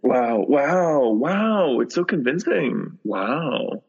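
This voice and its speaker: A man's voice: medium pitch, sing-song, very slow, a little mellow, slightly rough. A man co-hosting a comedy podcast in casual, rambling chat with lots of filler words. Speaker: podcast co-host. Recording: dull lo-fi with long reverb.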